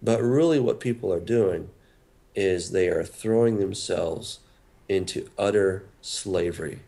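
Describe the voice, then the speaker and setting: A man with a fairly low voice speaks as a pastor guest on a radio talk show. He talks earnestly, often doubling words as he searches for the next phrase. His delivery is that of an unscripted interview. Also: unhurried, vocal fry, mellow.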